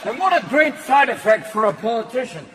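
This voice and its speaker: A male stand-up comedian doing a profane, manic set with rapid shifts in voice. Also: very high-pitched, very animated. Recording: live show with crowd and noise. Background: audience laughter.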